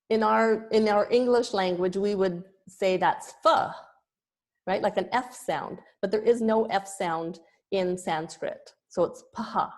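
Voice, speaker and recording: A woman's voice: medium pitch, darkish tone. A woman yoga teacher explaining Sanskrit pronunciation, sounding out letters one by one. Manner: explanatory, demonstrates sounds slowly.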